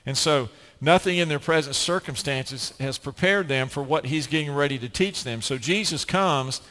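A man's voice: fairly high pitch, normal speed, a bit bright. Earnest preacher man, echoing church hall. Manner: earnest, emphatic preaching with repeated restarts. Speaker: pastor. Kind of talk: sermon.

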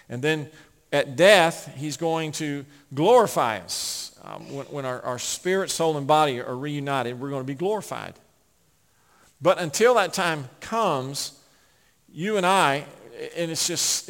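A man preaching a sermon, swinging from loud emphatic peaks to hushed asides. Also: medium pitch. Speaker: pastor. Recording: long hall reverb.

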